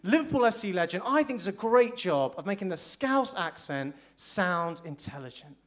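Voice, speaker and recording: A man's voice: sits high, moderate pace. A young man from Birmingham with a Birmingham accent, performing a stand-up comedy set and acting out the people in his stories. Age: young adult. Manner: animated, putting on voices for the people in his stories. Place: live comedy venue.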